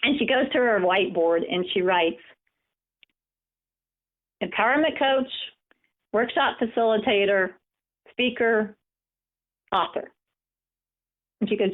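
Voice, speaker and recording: A woman's voice: fairly high pitch, a little slow, long pauses. A woman empowerment coach giving a webinar presentation, telling personal stories in an encouraging way. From United States. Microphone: webinar call audio. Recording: phone-like narrow audio.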